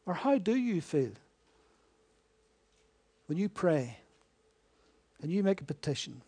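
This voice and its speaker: Male preacher, high voice, sermon delivery, rhetorical questions, hushed to emphatic. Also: big pitch swings, slow pace, breathy edge. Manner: swings between hushed and emphatic.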